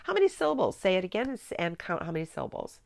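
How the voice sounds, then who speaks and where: A middle-aged woman teaching a spelling method, explaining clearly and coaching a student step by step. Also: on the low side, huge pitch swings, rapid-fire, very noisy. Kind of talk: instructional demonstration.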